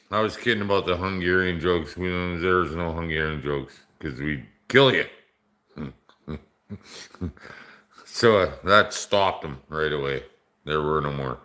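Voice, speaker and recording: Man, middle-aged, tipsy, rambling joker, rough off-color banter, lowish voice, bright tense tone. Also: unhurried, long pauses. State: tipsy from drinking. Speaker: livestream host. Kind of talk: casual livestream chat with viewers.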